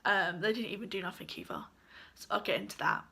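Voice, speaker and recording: A young woman vlogger telling a casual storytime, chatty with lots of fillers, her voice a bit croaky. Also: on the low side, big pitch swings, quick pace, sharp tone. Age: young adult.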